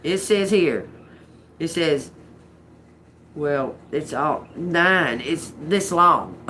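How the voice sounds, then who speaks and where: A woman giving a loose, casual spiritual reading to her audience. Her pitch swings widely as she talks, and she breaks into laughter often. She swears freely and keeps a streetwise, offhand manner, with a faint ambient hiss behind her. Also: big pitch swings, drawn-out words, long pauses, pushed and bright. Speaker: intuitive reader.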